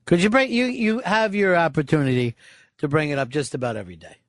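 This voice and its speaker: A man's voice: a little high, quick pace, no room sound. A man hosting a radio show, teasing and needling his co-host in casual studio banter.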